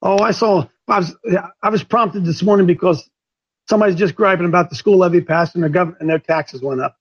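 A fervent male talk radio host preaching in a high, gravelly, husky voice, driving his points home again and again. The audio is dull and lo-fi. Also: a little fast. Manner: fervent, repeats points for emphasis.

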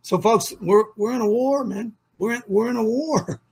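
A middle-aged man hosting a ministry talk show, telling a story with fervor in repetitive bursts that climb to near-shouts. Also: very high-pitched, moderate pace, breathy edge. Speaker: ministry leader and show host. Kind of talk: impassioned conversational storytelling.

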